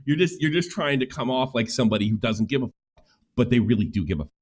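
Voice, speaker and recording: A man's voice: animated, fast, slightly rough. A middle-aged man ranting on a livestream, profane and heated. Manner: ranting, profane, swings pitch widely. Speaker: streamer.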